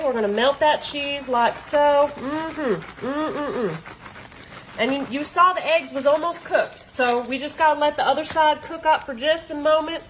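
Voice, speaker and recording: A woman's voice: high voice, fairly bright tone, a little hiss or hum, low-quality recording. A woman demonstrating a recipe in her home kitchen, talking in a chatty, folksy way straight to her viewers. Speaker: home cook. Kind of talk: cooking demonstration.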